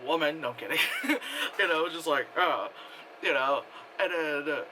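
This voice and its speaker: A man giving a casual spoken movie review, rambling and excitable, full of fillers and acted-out quotes. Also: a little high, a little fast, noisy background.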